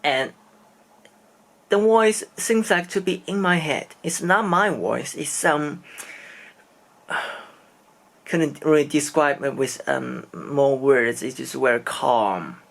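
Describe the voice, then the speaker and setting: Vlogger, male, slightly higher voice, unhurried and hesitant delivery, casual storytelling. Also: creaky, fairly bright tone. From China. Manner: hesitant, searching for words in non-native English. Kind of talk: casual first-person storytelling.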